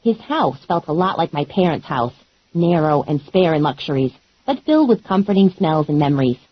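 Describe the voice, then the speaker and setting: A woman narrating an audiobook in first person with a wry, deadpan comic delivery. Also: sits low, normal speed, husky, no room sound, highs cut off.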